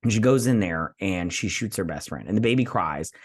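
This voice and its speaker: A rambling, chatty man, sounding tired, walks through an episode in a loose, casual recap. His voice sits a little low and keeps slipping into "and I was like" asides. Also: lively intonation, fairly quick, breathy edge. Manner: rambling, chatty retelling full of "I'm like". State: tired, yawning. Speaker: TV review host.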